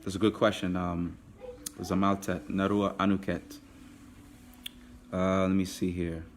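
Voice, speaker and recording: A man teaching a live online language class, patiently repeating phrases slowly. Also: deep voice, little pitch movement, a little hiss or hum.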